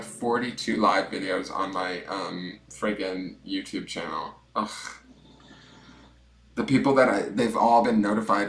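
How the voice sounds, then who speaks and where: A man hosting a casual tarot livestream from home, chatty and self-mocking, swinging between loud greetings and mumbled asides. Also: medium pitch, roomy sound. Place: room at home with dogs snoring nearby.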